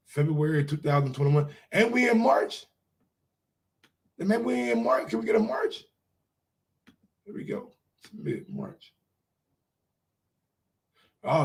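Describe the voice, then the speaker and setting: A man with a New York accent hosting a casual live-stream sports show, ranting and firing rhetorical questions at his viewers. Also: on the high side. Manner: animated, ranting, asks the chat rhetorical questions.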